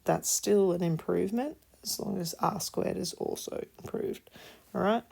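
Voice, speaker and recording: Sounding tired and yawning, a woman works through a maths example slowly and patiently, her voice sinking to a murmur whenever she reads numbers aloud. She speaks in a mid-range, slightly mellow voice with vocal fry, and there's a little background noise.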